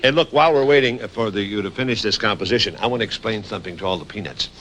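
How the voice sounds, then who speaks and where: A man hosting a children's TV show, upbeat and explaining things slowly to the kids. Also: fairly low pitch, a bit bright. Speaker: host.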